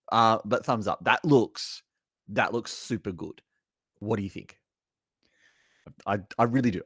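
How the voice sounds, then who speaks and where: A man hosts a casual live stream, talking straight to his viewers. His pitch swings freely up and down as he chats. The sound is dry and close, with almost no room around it. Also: no room sound. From Australia. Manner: chatty, talks to chat viewers, lively asides. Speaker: livestream host reacting to trailers. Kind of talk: casual live reaction chat.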